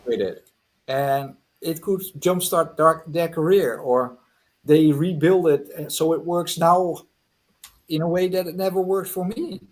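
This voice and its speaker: A man's voice: a little high, measured pace. A man, a guest hypnotist on a podcast video call, giving direct, earnest advice and leading a hypnosis session.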